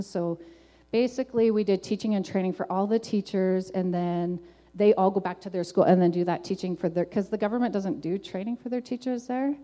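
Earnest woman giving faith testimony, mellow. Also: fairly low pitch. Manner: earnest, conversational, frequent "like" and "um". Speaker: testimony speaker.

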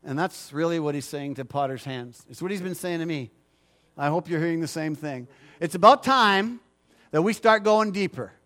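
A man's voice: fairly high pitch, normal speed, fairly bright tone. A middle-aged male pastor preaching a sermon, emphatic and repetitive, asking the congregation for agreement.

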